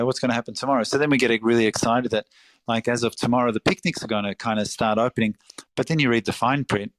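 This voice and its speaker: A man's voice: fairly low pitch, dry recording. A man, a restaurateur talking casually in an interview, rambling and repeating phrases. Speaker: restaurateur guest.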